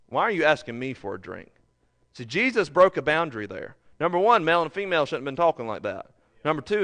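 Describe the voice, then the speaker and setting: A man's voice: on the high side, fairly bright tone. A male pastor preaching a sermon, earnest and building to emphatic, repeated phrases.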